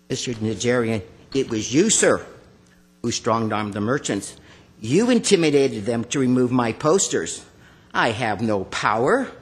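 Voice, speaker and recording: A man giving public comment at a city council meeting, accusatory and confrontational, calling out officials by name from a podium microphone. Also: mid-range voice.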